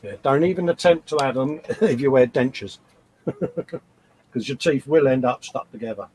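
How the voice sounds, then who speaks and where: A man's voice: medium pitch, moderate pace, a little mellow, a little hiss or hum, low-quality recording. A man chatting casually during a game stream, laughing along and adding jokes. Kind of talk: casual chat over gameplay.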